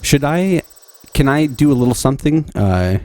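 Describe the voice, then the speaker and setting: A man's voice: mid-range voice, lively intonation, normal speed, darkish tone, a little hiss or hum. An American man co-hosting a podcast, chatting casually with lots of nervous laughs and hesitations. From United States. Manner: giggly, hesitant, self-conscious. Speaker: podcast co-host.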